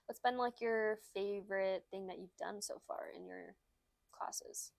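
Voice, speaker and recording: A woman's voice: mid-range voice, a little slow, gravelly, no echo. A young woman, a peer mentor, interviewing a student in a chatty, giggly, informal way. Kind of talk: casual interview chat.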